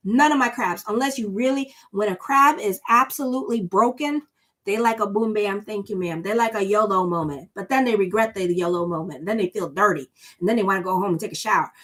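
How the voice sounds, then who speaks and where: A woman's voice: mid-range voice, a bit bright. A woman astrologer giving a casual tarot reading, chatty and blunt, with lots of fillers. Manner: chatty, blunt and sassy, many "you know" fillers.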